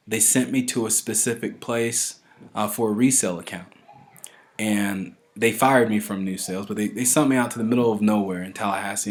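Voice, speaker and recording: A man in his thirties talking casually and earnestly to his followers, rambling and pressing his points harder as he goes. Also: fairly low pitch. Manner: earnest, rambling, keeps asking "right?"; grows forceful when stressing a point. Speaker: vlogger addressing followers. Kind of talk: casual direct-to-camera talk.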